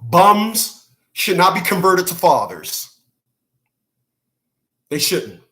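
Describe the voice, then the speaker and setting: A man's voice: sits high, very animated, takes it slowly, pushed and bright. A man hosting his own channel, delivering a blunt, profane, preachy rant straight to his viewers. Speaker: channel host. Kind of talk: rant monologue to camera.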